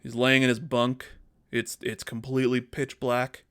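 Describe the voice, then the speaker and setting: Male podcast co-host, mid pitch, animated storyteller pitching movie ideas, casual comedic chat. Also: measured pace, clean tone. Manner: animated storytelling, acts out character lines.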